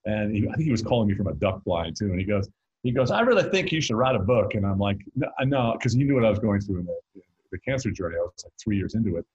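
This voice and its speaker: Husky-voiced man telling rambling stories. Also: fairly low pitch, rapid-fire, warm tone, highs cut off. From North Carolina. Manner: rambling, self-interrupting, joking. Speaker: guest musician and author. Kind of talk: casual interview storytelling.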